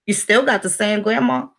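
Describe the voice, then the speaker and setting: A woman's voice: fairly high pitch, creaky. Blunt, profane New woman in her forties. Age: 40s. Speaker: vlogger. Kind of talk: casual monologue to camera.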